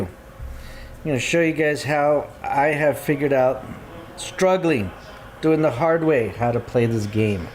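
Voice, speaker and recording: A man's voice: mid-range voice, darkish tone, a little hiss or hum. A man streaming a game live, chatting casually and thinking aloud as he sorts his gear and menus. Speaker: gaming streamer. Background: guitar music.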